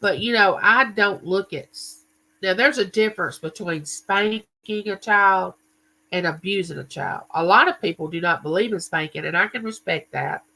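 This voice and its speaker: A chatty man hosts a casual livestream, telling stories and greeting viewers by name. His voice sits high and sounds gravelly with a sharp edge, moving at a normal speed. The recording quality is low.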